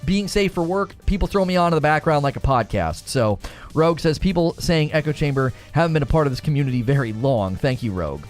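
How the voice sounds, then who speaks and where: A man hosting a live gaming talk stream, arguing with his chat and answering it directly in an animated way. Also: on the high side, quick pace, soft background music.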